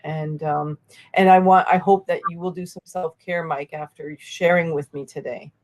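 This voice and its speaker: A woman hosting a podcast interview, speaking earnestly and haltingly, with many fillers and restarts. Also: sits low, steady tone, a little mellow, slight background noise. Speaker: podcast host. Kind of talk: conversational interview.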